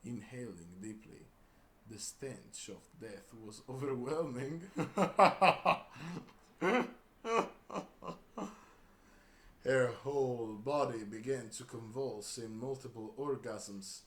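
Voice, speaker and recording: A man's voice: medium pitch, unhurried, a little mellow. A man reading a crude story aloud for comedy, laughing and breaking off with asides. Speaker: reader. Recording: roomy room with faint hiss.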